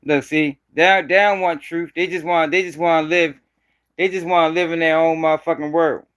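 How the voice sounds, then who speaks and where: This news commentary channel host speaks fairly quickly in a high-pitched voice that's smooth and a bit bright, with fairly even intonation. His heated live-stream commentary is confrontational, slangy and profane, and he repeats himself.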